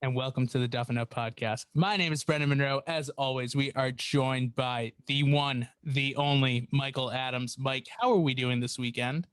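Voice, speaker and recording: A man's voice: medium pitch, steady tone, normal speed, hardly any pauses, fairly bright tone, clear, resonant tone, no echo. A young man hosting a casual golf podcast, joking and laughing at himself. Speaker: podcast host.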